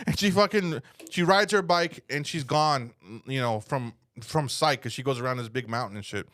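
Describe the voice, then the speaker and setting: A young man hosting a comedy podcast, telling a rambling, profane story in casual chat and breaking into loud shouted impressions. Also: mid-range voice, moderate pace, hardly any pauses.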